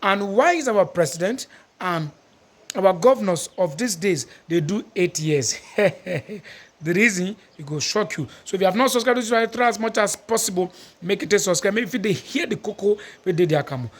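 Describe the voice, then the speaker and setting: A man's voice: sits high, lively intonation, normal speed. A man from Nigeria, hosting a casual political vlog in loose run-on talk mixing phrases. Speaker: channel host.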